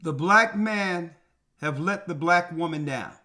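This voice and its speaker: A man's voice: fairly high pitch, a little slow, bright, forceful tone. A man, a church elder, hosting a commentary show and preaching emphatically to his co-host. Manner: emphatic, addresses co-host directly.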